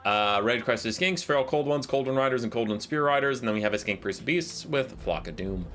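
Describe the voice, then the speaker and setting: A man casting a live strategy game match, calling the action in quick play-by-play and joking with his chat. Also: medium pitch, expressive, fairly bright tone. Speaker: esports caster.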